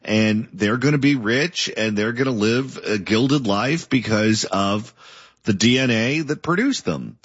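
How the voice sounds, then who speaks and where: A male interview host talks in a husky voice and stacks up several points before he reaches his question. The sound is dry and close, with a dull lo-fi tone. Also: medium pitch, a little slow, fairly bright tone, no echo. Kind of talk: political interview.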